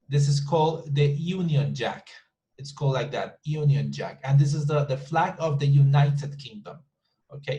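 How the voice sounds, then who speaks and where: A man's voice: on the high side, darkish tone, poor audio. Man teaching an English class. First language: Spanish. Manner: repeats words to model pronunciation, many restarts. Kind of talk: online class explanation.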